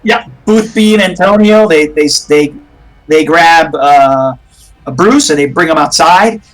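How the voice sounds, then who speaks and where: A man's voice: a little high, unhurried, poor audio. A man running a tabletop horror game as game master, narrating in a rambling way with many restarts.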